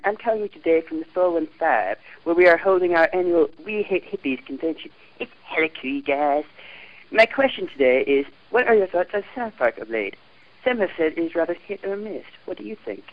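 A man leaving a jokey, mock-formal voicemail for a podcast. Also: fairly high pitch. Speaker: caller. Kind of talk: voicemail message. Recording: muffled phone message.

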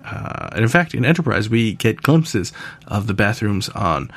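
Dry-humored American man, gravelly voice. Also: lowish voice, big pitch swings, normal speed. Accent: General American. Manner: dry, joking asides. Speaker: podcast host answering listener questions. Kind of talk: casual listener Q&A.

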